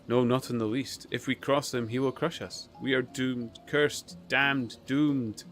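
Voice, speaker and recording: A man's voice: mid-range voice, fairly even intonation, measured pace, fairly bright tone, lightly acted. A man reads aloud as a fretful little male kobold from a fantasy game, cowering and wailing, who stacks up his words in threes. The voice sits in an ordinary middle register, with faint music playing behind it. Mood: fearful. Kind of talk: reading a game's story aloud.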